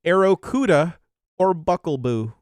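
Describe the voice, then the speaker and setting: A man's voice: high-pitched, expressive, a little slow, dry recording, studio quality. A man hosting a podcast, reading out quiz questions in a wry, casual way. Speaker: podcast host running a quiz.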